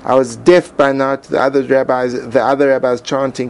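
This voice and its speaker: A man and Torah teacher reading his own personal essay aloud in an earnest, emotive way with dramatic pauses. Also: mid-range voice, flat delivery, darkish tone, poor audio.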